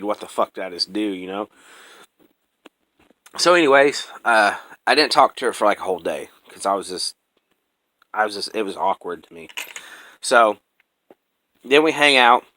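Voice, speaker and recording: Low-voiced man rambling through his story. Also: pushed and bright, no echo, low-quality recording. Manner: rambling, profane, many restarts; earnest, close to emotion. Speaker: storyteller recounting his own life. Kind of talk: casual personal storytelling.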